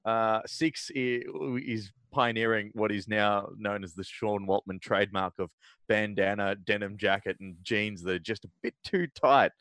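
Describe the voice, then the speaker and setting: A man's voice: fairly low pitch, fairly even intonation, moderate pace, a bit bright, smooth, no room sound. A man co-hosting a podcast, chatting casually in rambling recaps full of fillers. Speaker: podcast co-host. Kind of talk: casual chat.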